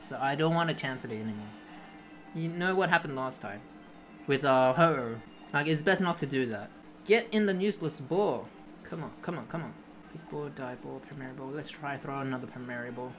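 A woman streaming a video game, chatting casually with her viewers, pleading with the game and bursting into excited shouts. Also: low-pitched. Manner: chatty, greets and answers chat, pleads with the game. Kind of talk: casual live-stream commentary while playing.

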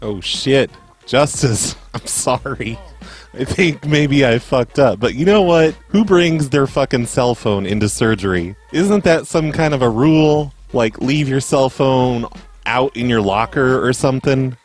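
A man's voice: mid-range voice, expressive, a little slow, soft background music. A man hosting a prank call show, rambling in a casual, self-mocking and profane way. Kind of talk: casual comedic monologue.

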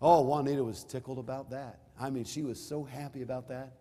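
A man's voice: medium pitch, steady tone, brisk, mellow. A middle-aged male pastor preaching a sermon, mixing scripture with a personal story, emphatic and rising and falling in force. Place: church sanctuary. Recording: reverberant hall.

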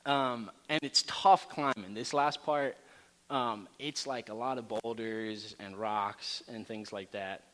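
A man's voice: fairly low pitch, takes it slowly. Casual storytelling man in a reverberant hall. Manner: animated, casual storytelling with many fillers. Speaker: campus ministry speaker. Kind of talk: storytelling sermon talk.

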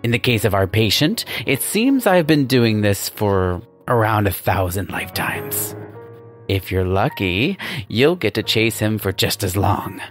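A man voicing a pompous, self-praising male demon boss who talks down to his nephew in a grand, drawn-out way. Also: lowish voice, sing-song, faint music behind.

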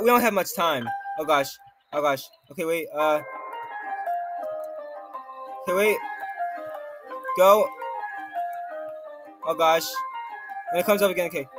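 A man giving jittery, excitable live gameplay commentary, talking to himself and to viewers and exclaiming nervously throughout. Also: sits high. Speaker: gaming video creator.

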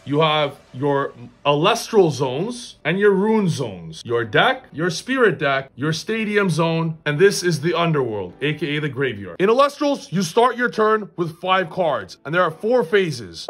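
A man's voice: on the high side, big pitch swings, fairly bright tone. A young man hosting a gaming vlog, hyped and boastful as he explains a card game. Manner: hyped, boastful, fast-talking. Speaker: gaming YouTuber host.

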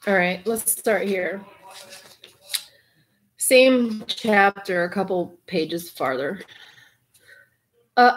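A woman giving an intimate reading aloud, soft and half-whispered, breaking off for wry, cursing asides. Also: medium pitch, slow pace, long pauses, slightly rough. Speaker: reader and commentator.

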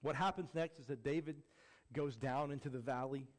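A man preaching a sermon as a pastor, building to emphatic peaks and then dropping low and quiet. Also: moderate pace. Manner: acts out quoted voices with jokey flair.

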